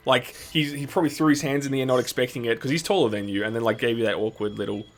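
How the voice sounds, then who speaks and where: A man narrating as game master, laying out scenes in a relaxed, descriptive way. His voice sits in an ordinary middle range. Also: medium pitch, rapid-fire.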